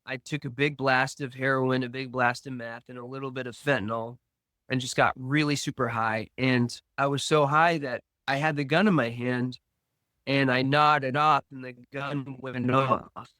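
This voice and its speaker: A man's voice: medium pitch, steady tone, moderate pace, bright, forceful tone, no echo, clean studio sound. A man recounting his past addiction as a podcast guest, telling it in present tense with quoted dialogue. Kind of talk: storytelling about addiction.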